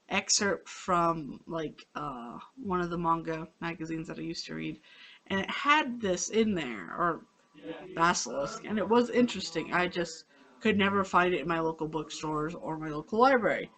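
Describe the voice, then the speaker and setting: A woman's voice: medium pitch, fairly bright tone. Rambling young-sounding woman reviewing anime. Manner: rambling, many fillers and restarts. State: sleepy, yawning. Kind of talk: casual video review.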